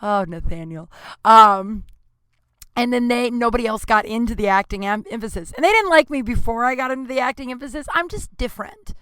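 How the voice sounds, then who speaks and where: A woman's voice: a little high, expressive, a little fast, fairly bright tone, smooth, no room sound, studio quality. A woman in her thirties hosting a solo podcast, rambling candidly with lots of fillers, swearing and self-deprecating asides. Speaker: podcast host. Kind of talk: casual solo podcast monologue.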